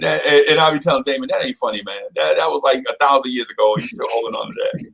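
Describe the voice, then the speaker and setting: Gravelly animated man telling stories. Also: medium pitch, quick pace, rough recording. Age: middle-aged. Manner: animated, repeats phrases, says "you know what I'm saying". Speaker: podcast co-host. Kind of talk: casual storytelling chat.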